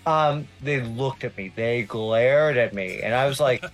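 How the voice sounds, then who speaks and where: A man's voice: mid-range voice, unhurried, faint music behind. A man chatting as a guest critic over a video call, telling stories in a loose, profane way. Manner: profane, animated storyteller. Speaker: guest film critic and interviewer. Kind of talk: casual storytelling chat.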